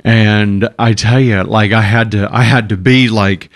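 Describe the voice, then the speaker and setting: A man's voice: lowish voice, steady tone, unhurried. Man with a cold, rambling. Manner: rambling, with restarts and laughs. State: sick with a cold. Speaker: radio co-host. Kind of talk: casual chat.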